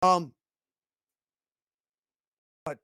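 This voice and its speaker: A man's voice: extremely slow, pushed and bright, dry recording, studio quality. A man voicing a timid young man who stutters and hesitates nervously in front of his father, in a tabletop horror game. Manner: stuttering, hesitant, filler-heavy. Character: timid stammering young man, browbeaten son.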